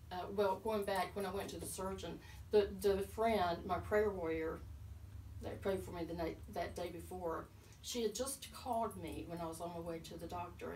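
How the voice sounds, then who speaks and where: A woman's voice: on the low side, darkish tone, slight background noise. Earnest middle-aged woman. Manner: emotional, earnest storytelling with fillers. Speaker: guest. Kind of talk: personal testimony in a casual chat. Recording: roomy, from a distance, faint ambience.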